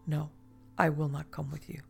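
A reader voicing a weary, sad Spanish noblewoman in an audiobook, speaking slowly and quietly. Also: medium pitch, completely flat delivery, creaky, soft background music. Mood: grave, sorrowful. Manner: slow, grave and quiet. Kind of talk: audiobook reading.

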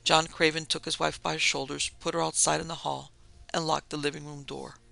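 A man narrating a period memoir tale as a storybook reading, measured and even. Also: a little high, gravelly. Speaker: narrator and producer.

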